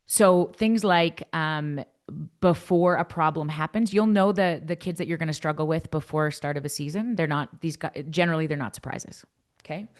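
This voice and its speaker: A woman coach giving a workshop talk to coaches and parents in a frank, blunt, energetic way. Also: sits low. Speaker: youth coach and workshop presenter.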